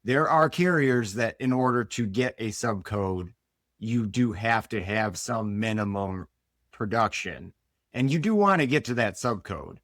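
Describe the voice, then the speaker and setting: A man's voice: fairly low pitch, expressive, measured pace, a bit bright, dry recording, studio quality. A man with a US Northeastern accent on a panel, talking in an earnest, emphatic way and laughing easily. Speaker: co-host. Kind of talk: casual panel talk.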